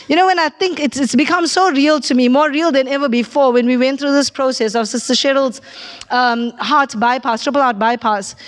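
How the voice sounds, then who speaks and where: A woman's voice: high voice, a bit bright. A middle-aged woman pastor, preaching a sermon and telling a personal story, acting out the people she quotes. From South Africa.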